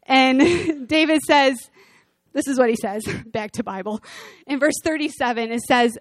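A woman delivers a sermon in a conversational, animated storytelling manner, her voice sitting a bit high. The recording is dry and close, with no room echo. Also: measured pace. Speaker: preacher.

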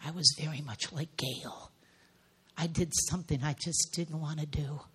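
Husky-voiced woman preacher, intense and hushed. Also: low voice, steady tone, normal speed. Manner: intense, drops to near whispers. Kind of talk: emotional sermon testimony.

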